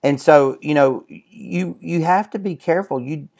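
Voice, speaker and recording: A man co-hosting a casual talk show, speaking earnestly and haltingly, often restarting his sentences. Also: fairly high pitch, vocal fry, a little mellow. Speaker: co-host. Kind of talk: casual chat.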